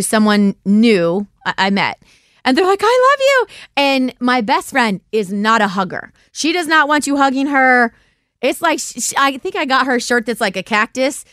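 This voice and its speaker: Lively chatty woman podcast host. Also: no echo, studio quality. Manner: chatty storyteller, acts out quotes with big pitch jumps. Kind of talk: casual live Q&A chat.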